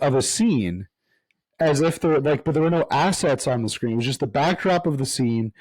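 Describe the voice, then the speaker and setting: A man co-hosts a casual podcast, explaining things in a rambling, halting way and often restarting his sentences. His voice is fairly high with a darkish tone, captured in a dry recording.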